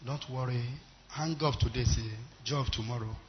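A man with a Nigerian English accent voicing a gentle young woman who soothes an angry man, within a sermon. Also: mid-range voice, moderate pace, voice pushed down, lightly acted. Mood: soothing. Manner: soft, soothing. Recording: muffled recording.

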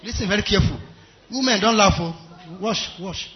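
At a church service, a man with a Nigerian English accent preaches a sermon, swinging between loud exhortation and quiet storytelling. His voice is high and fairly quick, and the recording is muffled.

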